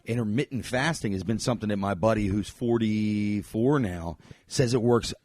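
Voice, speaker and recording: A man's voice: fairly low pitch, normal speed, a little mellow, no room sound, soft background music. A man hosting a podcast in casual chat, laid-back and rambling, laughing often. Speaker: podcast host.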